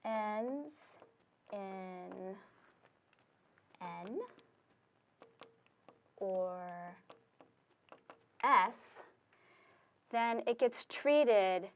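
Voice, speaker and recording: A woman's voice: mid-range voice, highs cut off, a little hiss or hum. A woman teaching Spanish, explaining step by step with fillers as she writes on a board. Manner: slow, deliberate explaining with fillers. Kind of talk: classroom explanation at a whiteboard.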